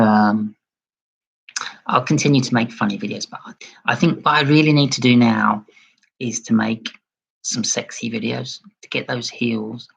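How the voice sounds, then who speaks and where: Gravelly, husky man chatting on a livestream. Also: dull audio. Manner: chatty and self-deprecating, gently raising his pitch toward a feminine tone. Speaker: livestream host. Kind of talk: casual livestream chat reading viewer comments.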